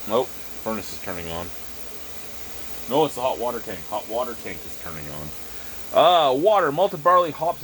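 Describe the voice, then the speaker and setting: Man in his home reviewing beer, low voice that swings all over, crude and excitable. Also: a little hiss or hum. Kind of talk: casual video review.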